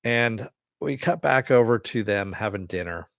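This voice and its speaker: A man's voice: on the low side, expressive, moderate pace, dry recording, studio quality. A man casually retelling a TV episode in a rambling way, full of fillers. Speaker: TV show reviewer.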